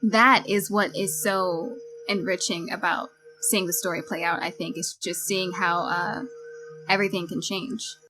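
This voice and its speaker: A woman's voice: fairly low pitch, steady tone, measured pace, music in the background. A woman co-hosting a podcast, casually discussing a film and retelling its scenes with quoted lines. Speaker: podcast co-host.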